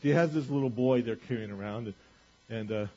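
A male pastor preaching a sermon in a conversational way, repeating phrases and rising in pitch for emphasis. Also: brisk, dark tone. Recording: dull lo-fi recording.

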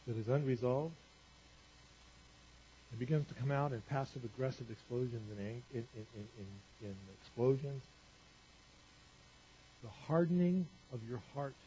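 A male pastor preaching a sermon to a congregation, talking conversationally with rhetorical questions and swinging from loud to quiet. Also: medium pitch, unhurried, pauses often, slight background noise. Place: church. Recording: dull lo-fi church recording.

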